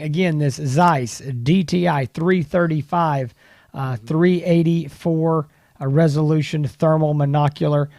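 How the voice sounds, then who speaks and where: A man's voice: on the high side, darkish tone, no room sound, clean studio sound. A man co-hosting a podcast in an easygoing, casual way, signing off the show. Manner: easygoing, brief agreeing interjections. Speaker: podcast co-host.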